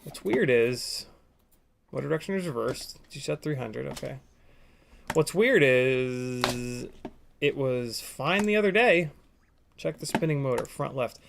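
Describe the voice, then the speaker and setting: A man's voice: mid-range voice, animated, measured pace, gravelly, slight background noise. A man hosting a casual live stream from a home workspace, chatting easily, joking, and reading out viewer comments while he works. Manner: easygoing, jokey, reads out viewer comments.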